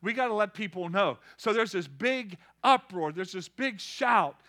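High, bright-voiced preaching man. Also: expressive, unhurried. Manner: call-and-response preaching, building to shouts. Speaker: pastor. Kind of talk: sermon.

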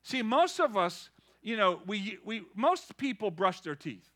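A man preaching a lively sermon, calling out to the congregation and building to shouts. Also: sits high, a little slow. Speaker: pastor.

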